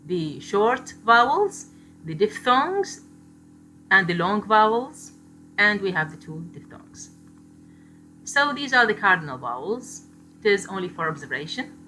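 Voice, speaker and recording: Bright-voiced woman teaching phonetics. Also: mid-range voice. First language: Arabic. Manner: explains slowly, repeats example words, switches into Arabic asides. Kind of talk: phonetics lecture.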